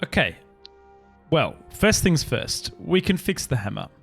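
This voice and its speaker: A man's voice: on the high side, big pitch swings, unhurried, vocal fry, slightly rough, soft background music, full character voice. A man voicing a weary, friendly female dwarf blacksmith in a tabletop game, chatty and a little flustered. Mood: businesslike.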